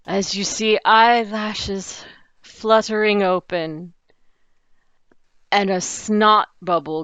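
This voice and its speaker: A woman's voice: mid-range voice, steady tone, very slow, pauses often, fairly bright tone, clear, resonant tone, no room sound, lo-fi sound. A woman running a tabletop game as game master, with playful, teasing rulings.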